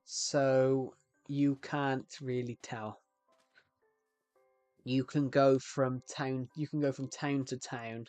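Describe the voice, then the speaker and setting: A man's voice: medium pitch, flat delivery, slow pace, pauses often, a little mellow, no room sound, soft background music. A young man with a West Country accent, chatting casually on a live stream, rambling and repeating himself with frequent restarts. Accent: West Country English.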